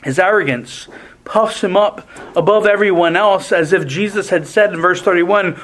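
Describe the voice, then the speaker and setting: A man preaching a sermon in a deliberate, emphatic way, often restarting his phrases. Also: high-pitched, fairly bright tone.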